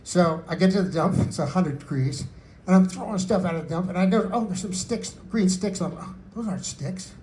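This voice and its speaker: A man's voice: sits high, brisk, dark tone, a little hiss or hum, rough recording. A man who sings his own country songs to guitar and then tells their stories in a chatty, laughing way, at a book release party. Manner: chatty, laughing storyteller with fillers. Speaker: singer-songwriter telling song stories.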